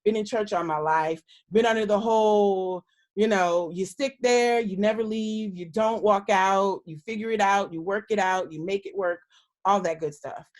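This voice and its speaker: A woman at a middle pitch tells a hard personal story candidly and earnestly. She acts out the quoted lines of the people in it as she goes, speaking as a guest in a conversational interview. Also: moderate pace, a little mellow. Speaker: guest, minister.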